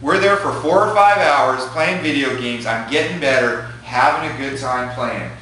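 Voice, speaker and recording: A man teaching a jiu-jitsu class in a lively, profane way, acting out his students' thoughts. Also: mid-range voice, moderate pace, slight background noise. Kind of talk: animated talk to a class. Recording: echoey room from a distance.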